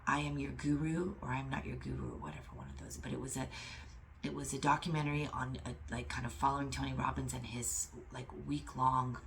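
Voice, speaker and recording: A woman's voice: a bass voice, vocal fry, fairly bright tone, slight background noise. A woman reading a spiritual lesson aloud and commenting on it in a fervent, emphatic way, with casual swearing. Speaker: spiritual teacher.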